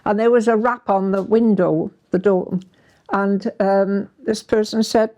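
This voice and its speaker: A woman's voice: medium pitch, steady tone, unhurried, warm tone. A woman in her seventies from Wales, an artist recalling her life in a chatty, meandering way. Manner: chatty, meandering storytelling with fillers. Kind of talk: reminiscing life story.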